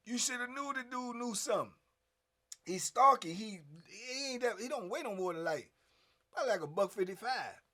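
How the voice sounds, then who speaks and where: A middle-aged man telling a story in casual streetwise slang, animated and acting out the scenes. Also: high-pitched.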